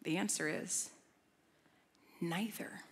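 A woman preaching a sermon in an animated, playful, conversational way, bringing a live congregation along. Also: on the low side, slow, slightly rough. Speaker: guest preacher. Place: large church auditorium with live congregation. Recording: long church hall reverb.

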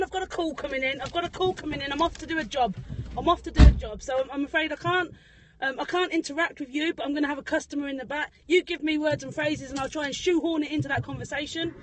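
Cast: woman doing a rambling male cabbie with a shaky put-on South African accent, high voice, chatting into a phone in his car. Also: slight background noise, natural voice, rough recording. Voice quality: rambling, repeats greetings, giggly asides. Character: chatty male taxi driver with ginger beard. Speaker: parody livestreamer. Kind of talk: improvised comic livestream parody. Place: inside a parked car. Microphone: phone livestream at arm's length.

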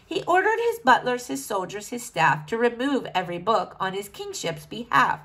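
Storyteller, woman, sing-song rhyming read-aloud, higher voice, very animated. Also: normal speed, few pauses, rough recording. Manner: expressive, sing-song rhyme. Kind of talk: reading a rhyming picture book aloud.

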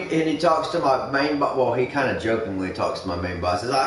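A man's voice: mid-range voice, brisk, few pauses. A young man streaming a game, chatting casually in a rambling, swear-heavy way full of fillers. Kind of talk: casual chat while gaming. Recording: echoey room, mic far off, faint noise.

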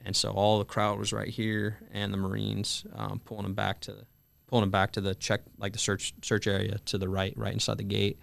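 Young male storyteller, clear and resonant, flat delivery, swears freely, on a dry close mic. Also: on the low side, fairly quick, dry recording. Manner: frequent fillers and swearing, acts out quoted dialogue. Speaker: Marine telling his story as a podcast guest. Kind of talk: casual conversational storytelling.

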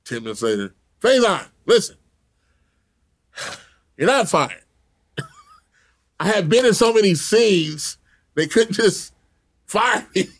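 A man with a fairly high speaking voice tells a long, profane story as an interview guest. He talks in an animated way, laughing often and acting out the people in his tale. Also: takes it slowly, long pauses.

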